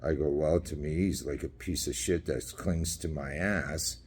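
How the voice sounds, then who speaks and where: A man's voice: extremely low pitch, a little slow, darkish tone, slightly rough. A man telling a story in a casual rant, blunt, profane and repetitive. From Canada.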